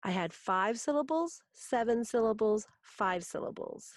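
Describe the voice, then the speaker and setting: A woman teacher giving a recorded grammar lesson, explaining each step slowly and patiently. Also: fairly high pitch, expressive, no room sound, studio quality.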